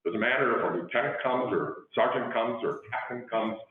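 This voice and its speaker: A man's voice: medium pitch, moderate pace. A middle-aged man, a police chief, giving a talk in a conversational storytelling style and acting out the dialogue in his anecdotes. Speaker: guest speaker, police chief. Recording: tinny phone-like line with heavy echo.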